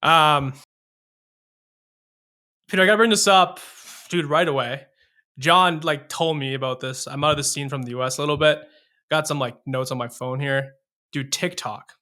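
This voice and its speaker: A man's voice: on the high side, moderate pace, pauses often, sharp tone. A man hosting a casual podcast interview, loose and joking, swearing casually. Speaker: podcast host.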